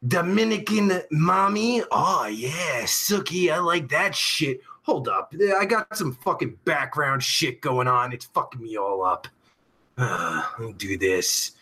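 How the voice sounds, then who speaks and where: Rowdy, raspy-voiced male streamer. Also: on the high side, expressive, slow pace. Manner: crude, rowdy, shouts greetings to viewers. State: tired. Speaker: live-stream host. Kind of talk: profane casual live-stream chat.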